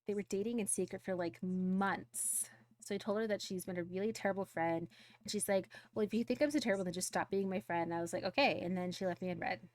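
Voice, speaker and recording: A woman reads out an upset teenage girl from a dating-sim game, rambling and exasperated as she pours out her grievances. The voice sits at a middling pitch and is recorded very dry, with no room sound. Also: fast talker, no room sound, natural voice. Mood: hurt, venting. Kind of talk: reading a game's dialogue aloud.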